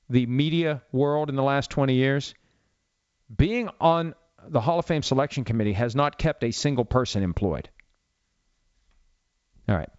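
Man, 50s, solo sports talk host, lively swings in pitch, dry dull studio sound. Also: no echo. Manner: rambling, self-mocking, opinionated. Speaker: sports radio podcast host. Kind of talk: solo talk show monologue.

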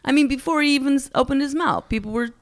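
A woman in her forties, a stand-up comedian, telling animated stories with frequent laughs in a casual podcast chat. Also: sits high, crowd noise. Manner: animated, laughs often, quick asides. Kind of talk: casual anecdote storytelling.

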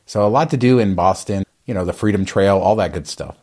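A man's voice: lowish voice, a little fast, darkish tone. A man co-hosting a podcast, chatting in a casual, enthusiastic way. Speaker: podcast co-host.

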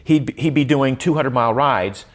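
A man's voice: mid-range voice, normal speed. An older man, a guest in an interview, talking reflectively with many restarts and fillers, his voice lifting when he stresses a point. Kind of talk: conversational interview.

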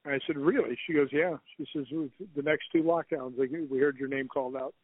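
A man's voice: medium pitch, fairly quick, no room sound. Man telling a ghost story over a tinny line. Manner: rambling, animated retelling with quoted dialogue. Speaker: guest, ghost hunter. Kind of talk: casual storytelling interview. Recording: tinny phone line, dry.

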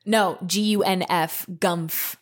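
A woman co-hosting a comedy podcast in casual chat, rambling with lots of "like" and sudden lifts in pitch. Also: moderate pace, a bit bright. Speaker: podcast co-host. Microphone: podcast mic.

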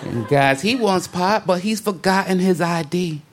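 A man doing a stand-up comedy set in a club, telling a story animatedly and acting out the people in it. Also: unhurried. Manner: animated storytelling, acting out characters, swinging pitch. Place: comedy club stage with a laughing audience. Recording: live club recording with crowd laughter and noise.

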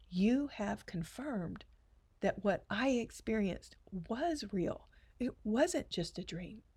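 A woman gives a personal faith testimony in an earnest storytelling manner. She often softens into hushed, emotional asides as she recounts the story. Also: mid-range voice, slightly rough. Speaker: speaker sharing testimony.

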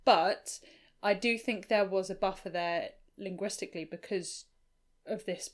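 A woman's voice: medium pitch, measured pace. A woman co-hosting a casual podcast chat, blunt and casually sweary.

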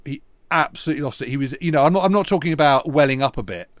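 A man, a historian and podcast co-host, telling a long, earnest anecdote in relaxed conversation. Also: a little high, rapid-fire, no echo. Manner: earnest, emphatic storyteller.

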